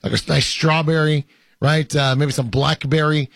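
A man's voice: fairly high pitch, little pitch movement, normal speed, gravelly, fairly bright tone, no room sound, clean studio sound. A man hosting a casual talk show, reading viewer comments and talking playfully with many hesitations. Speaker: host.

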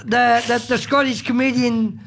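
A man chatting on the radio, gravelly, halting and searching for words, repeating himself. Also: very high-pitched, little pitch movement, a bit bright, a little hiss or hum. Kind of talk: casual radio chat.

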